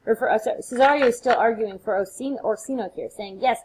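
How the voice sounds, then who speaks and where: A woman's voice: a little high, quick pace, darkish tone, slight background noise, rough recording. Casual woman lecturing on a play. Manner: casual, retells scenes with playful acted quotes. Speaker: literature lecturer. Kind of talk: recorded lecture.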